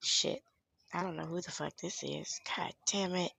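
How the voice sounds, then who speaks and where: A woman's voice: fairly low pitch, steady tone, moderate pace, gravelly, fairly bright tone, slightly rough, dry recording, poor audio. A woman hosting a casual live stream as an activist, talking candidly and emotionally, swearing freely and laughing often. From Charlotte, USA. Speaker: livestream host and activist.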